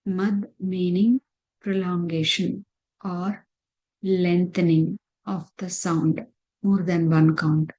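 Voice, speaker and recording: A woman's voice: on the low side, mellow, low-quality recording. A woman teaching a recitation lesson over slides, patiently repeating terms and counts.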